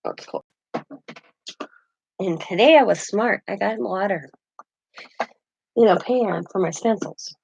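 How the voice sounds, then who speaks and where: Chatty grandma crafting live, kinda gravelly voice, muffled lo-fi sound. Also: female voice, mid-range voice, takes it slowly, long pauses, darkish tone. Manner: chatty, laughs often, greets viewers. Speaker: craft vlogger. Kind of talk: casual chat while crafting. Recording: dull lo-fi livestream audio.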